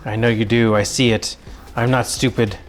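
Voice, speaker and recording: A man's voice: medium pitch, flat delivery, normal speed, soft background music, pitched below the performer's own voice, lightly acted. A man voicing his greedy female pet dog, talking in a put-out, demanding way. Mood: indignant. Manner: indignant, matter-of-fact demands.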